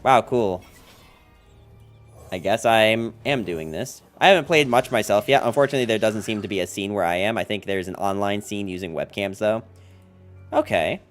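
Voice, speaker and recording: With faint music behind him, a man with a lowish voice talks at a moderate pace while streaming a card game. He chats casually with viewers, rambling along with lots of "um" and "like" and joking asides.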